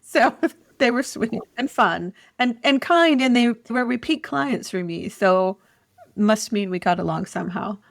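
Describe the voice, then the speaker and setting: A woman's voice: medium pitch, unhurried, gravelly, no room sound, clean studio sound. A woman co-hosting a podcast, telling candid stories in casual chat, giggling often and laughing at herself. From Ireland. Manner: giggly, self-deprecating storyteller. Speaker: podcast co-host.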